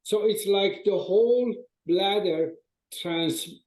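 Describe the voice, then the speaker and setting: A man's voice: high voice, slow, a little mellow, echoey room, low-quality recording. A man hosting an interview, reacting briefly and laughing at his guest's story. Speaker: interview host. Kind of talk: casual interview.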